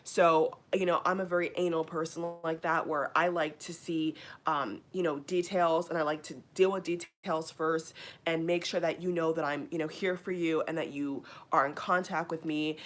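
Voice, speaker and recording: A woman talking to her channel as a psychic reader, laying out her boundaries frankly and emphatically, often checking in with "okay?" and pausing on "um" and "you know.". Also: low-pitched, fairly even intonation. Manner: thinks aloud with frequent "um" and "you know". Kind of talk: talking to camera about her services.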